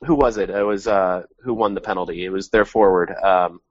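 Low-voiced guy hosting a soccer chat, dry muffled call sound, wry, keeps self-correcting. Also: a little fast. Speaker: podcast host. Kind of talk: casual sports chat. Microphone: remote call mic.

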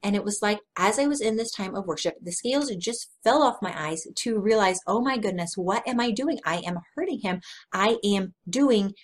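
A woman's voice: mid-range voice, animated. A woman in her thirties giving a devotional teaching talk, earnest and conversational, telling personal stories frankly. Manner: earnest and conversational, slow and deliberate. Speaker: Christian speaker.

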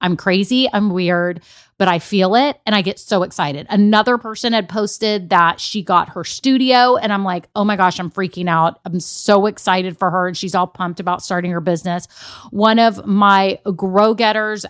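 A woman's voice: mid-range voice, dry recording, clean studio sound. A young adult woman hosting a business podcast in an upbeat, emphatic way. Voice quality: bubbly, emphatic, animated. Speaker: podcast host.

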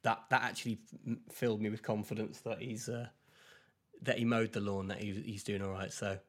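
Still recovering from the flu, a man co-hosts a podcast in casual chat, rambling with fillers and laughing at his own stories. He speaks fairly quickly in a fairly low voice with little pitch movement.

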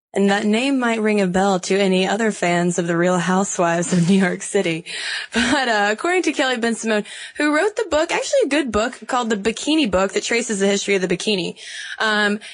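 A woman's voice: mid-range voice, fairly quick. Young woman, podcast co-host, casual chat, wry and chatty, easy laughs.

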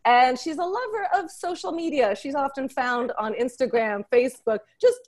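A woman hosting a podcast, introducing a panel with effusive, excitable energy and playful teasing. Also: high voice, moderate pace. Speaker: podcast host.

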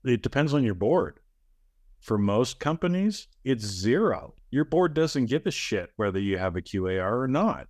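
A man's voice: mid-range voice, big pitch swings, normal speed, a little mellow, no echo, clean studio sound. A man speaking as a podcast guest, blunt and emphatic, often asking "right?" and acting out other people's lines. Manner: emphatic, acts out quoted people in raised voices; blunt, uses casual profanity. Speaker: guest, audit training company head. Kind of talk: conversational podcast interview.

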